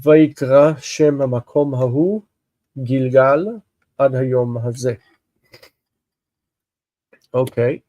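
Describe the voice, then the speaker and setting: A man with congested sinuses, slowly explaining a Bible text in a live lesson, halting and thinking aloud with many fillers. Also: medium pitch, level tone, mellow, dry recording, rough recording. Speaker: Hebrew teacher.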